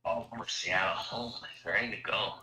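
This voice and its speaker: A man's voice: lowish voice, steady tone, fairly quick, pushed and bright, low-quality recording. A man from Canada chatting casually, rambling and swearing as he rants about everyday costs. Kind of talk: casual chat.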